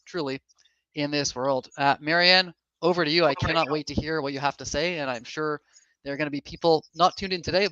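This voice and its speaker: A man hosting a live online summit, introducing speakers in a quick, chatty way that often corrects itself. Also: on the high side, pushed and bright, dry recording, dull audio. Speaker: summit host.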